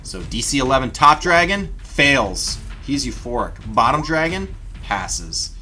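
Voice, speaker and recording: A man narrating a livestreamed tabletop battle as game master, in an animated, chatty way, talking directly to his viewers. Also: mid-range voice, measured pace, faint music behind.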